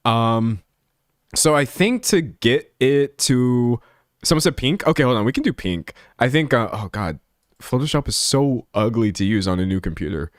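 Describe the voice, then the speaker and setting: A man's voice: medium pitch, expressive, moderate pace, no echo. Young guy streamer talking to chat, laughing at himself a lot, voice swinging all over, dry close sound. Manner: self-deprecating, chatty, laughs often. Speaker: livestreamer. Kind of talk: casual live-stream chat while editing.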